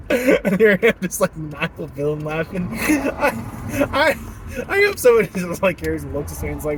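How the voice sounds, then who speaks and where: Animated young man ranting in his car. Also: a little high, normal speed. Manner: animated, laughing often, puts on silly voices. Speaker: vlogger. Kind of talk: casual rant while driving. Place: in a car at a stoplight. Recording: car and traffic noise behind.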